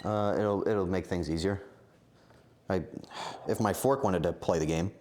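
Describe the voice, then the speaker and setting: A man's voice: sits low, a little slow, a little mellow. A man streaming himself cooking in a home kitchen, chatting to his viewers in a rambling, self-mocking way with bursts of mock outrage. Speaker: streamer cooking live for chat. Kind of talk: rambling live-stream chat while cooking.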